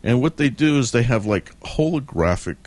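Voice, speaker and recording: A man's voice: mid-range voice, expressive, moderate pace, a little mellow. A man telling the story of a dream in a casual monologue, meandering and reflective as he retells it.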